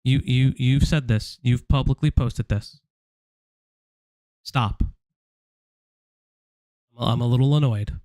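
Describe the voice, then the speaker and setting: A man's voice: mid-range voice, fairly even intonation, slow pace, long pauses, dark tone, no echo. A man hosting a livestream, speaking directly to someone in a confrontational, repetitive way. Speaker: stream host. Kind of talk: livestream commentary.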